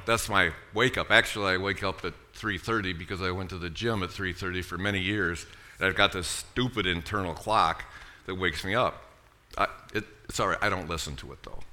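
A man's voice: lowish voice, bright, forceful tone. A middle-aged man preaching a sermon in a conversational, joking way, often asking the congregation questions. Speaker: pastor.

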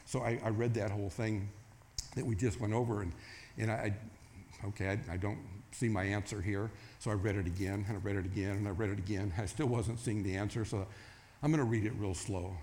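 A man's voice: lowish voice, fast talker, a little hiss or hum. Storytelling man preaching a sermon. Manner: storytelling, acts out quoted voices with rising excitement. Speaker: pastor.

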